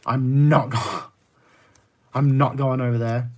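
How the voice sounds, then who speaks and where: A young Australian man in his twenties, chatting casually on a livestream and answering viewer comments in a blunt, exasperated way. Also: slow. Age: 20s. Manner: blunt and exasperated, jumps to high indignant pitch when ranting.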